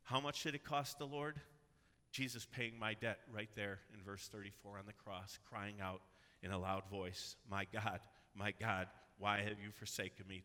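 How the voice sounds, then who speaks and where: A man preaching a sermon as pastor, earnest and building to loud, emphatic cries. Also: lowish voice. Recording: long hall reverb.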